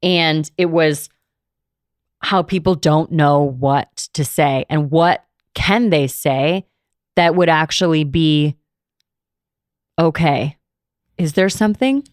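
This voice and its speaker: Woman, podcast host, gentle questioning, lowish voice, dry close sound. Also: slow pace, long pauses, dry recording. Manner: thoughtful, gentle questions with restarts. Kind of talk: interview conversation.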